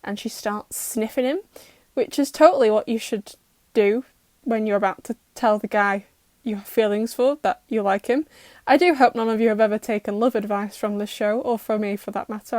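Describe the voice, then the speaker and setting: Young woman, higher voice, dry close sound; sarcastic recap host roasting an episode. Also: a little mellow, no room sound. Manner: sarcastic, exasperated roasting with mock quotes. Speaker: YouTuber reacting to a cartoon.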